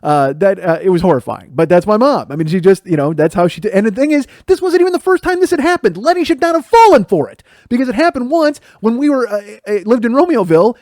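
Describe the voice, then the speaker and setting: Animated storytelling man, higher voice. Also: fast, hardly any pauses, no echo, studio quality. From Illinois. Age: 40s. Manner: animated, profane, acts out family voices. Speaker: podcast host. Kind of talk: storytelling monologue.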